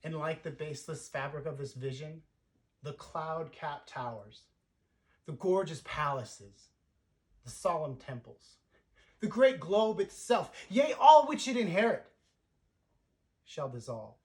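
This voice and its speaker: A man as a slow, solemn old sorcerer. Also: fairly high pitch, expressive. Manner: measured, swelling to loud peaks. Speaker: actor performing a monologue. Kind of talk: theatrical monologue.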